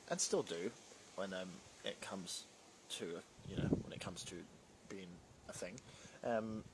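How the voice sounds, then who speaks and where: On a very noisy livestream, a young drag performer with a fairly low-pitched voice answers viewer questions. His casual chat meanders through lots of fillers and side tangents as he reads live comments aloud.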